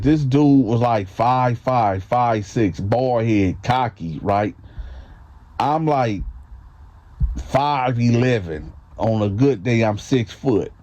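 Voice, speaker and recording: A man's voice: medium pitch, mellow, no room sound. A man telling a story in a loose, casual way, full of fillers and tag questions, in a slightly muffled recording. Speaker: storyteller, channel host.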